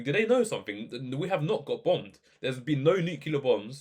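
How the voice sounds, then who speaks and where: Young man, casual reaction rant, animated, mid-pitched voice. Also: brisk, hardly any pauses, husky. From England. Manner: animated, ranting, asks exclamatory questions. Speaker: video reaction host.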